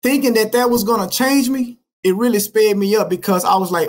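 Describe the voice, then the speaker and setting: A man's voice: high voice, steady tone, fairly quick. A middle-aged man from Dallas, Texas, a podcast guest telling his life story in slangy, casual street talk, often restarting his sentences.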